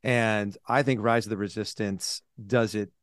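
A man's voice: fairly low pitch, steady tone, a little slow, clean tone, dry recording, studio quality. Upbeat man co-hosting a podcast. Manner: enthusiastic and upbeat. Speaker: podcast co-host. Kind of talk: casual chat.

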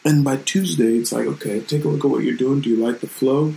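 A man's voice: mid-range voice, brisk, vocal fry, warm tone, poor audio. A man hosting his own channel, talking in a loose, rambling and reflective way in a casual live-streamed vlog from his room at home.

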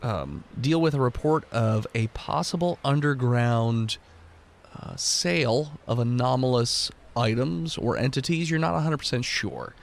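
A man's voice: mid-range voice, lively intonation, a little slow, creaky. A man with a nasal, flu-stuffed voice who hosts the show and narrates as game master, bantering and explaining with fillers. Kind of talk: hosting and narrating a tabletop game.

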